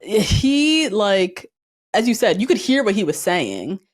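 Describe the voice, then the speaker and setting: A woman's voice: medium pitch, slow pace. A woman hosting a podcast, chatting casually about a reality show, laughing often and acting out what people said. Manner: animated, laughs often, acts out quotes. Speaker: podcast host. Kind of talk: casual recap chat.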